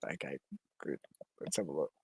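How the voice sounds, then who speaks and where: A man's voice: rumbling low, normal speed, gravelly, breathy edge, no room sound, clean studio sound. A man streaming, giving profane, mocking running commentary on clips and ranking people. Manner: profane, mocking, laughs often. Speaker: streamer ranking online personalities. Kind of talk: casual crude live-stream commentary.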